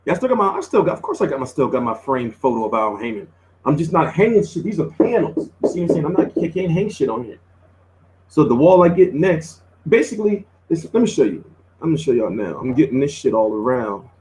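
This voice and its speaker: Chatty man with a lively voice. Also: a little high, fast, a little hiss or hum. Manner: laid-back, chatty, slangy. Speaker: boxing news host. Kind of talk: casual commentary.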